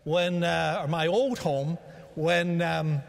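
A man's voice: a little high, steady tone, slow, creaky. A man from Northern Ireland with a faded Northern Irish accent, preaching a sermon as a guest in church with formal, prayerful phrasing. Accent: Northern Irish, faded by years in America. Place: large church sanctuary. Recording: church hall reverb.

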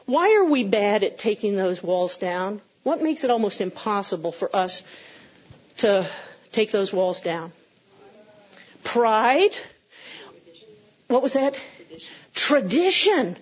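A woman's voice: mid-range voice, big pitch swings, slow, long pauses, slightly rough, lo-fi sound. A middle-aged woman pastor preaching a conversational sermon, with self-deprecating humor, answering her congregation.

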